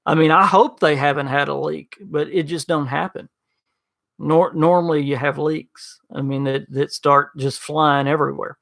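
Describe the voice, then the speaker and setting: A man hosts a casual gaming podcast stream, reading and answering his chat. His voice sits a little high with a gravelly rasp. He rambles, repeats himself and restarts words often. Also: steady tone, moderate pace, a bit bright. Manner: rambling, stammering restarts, addresses chat by name.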